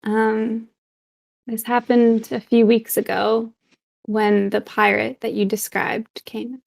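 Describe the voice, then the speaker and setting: Woman GM as young farm lady: polite, halting, everyday voice. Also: a little high, little pitch movement, vocal fry. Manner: polite, hesitant with fillers.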